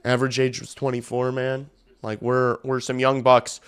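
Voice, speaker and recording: Hoarse young man ranting to his chat. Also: medium pitch, completely flat delivery, normal speed. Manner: rambling, blunt and profane, addresses chat directly. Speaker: hockey streamer. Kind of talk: casual livestream chat.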